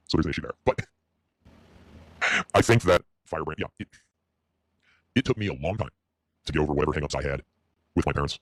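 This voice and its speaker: A man chatting on a livestream in a rambling, halting way, stammering and repeating his words. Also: rumbling low, no echo, studio quality. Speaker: streamer.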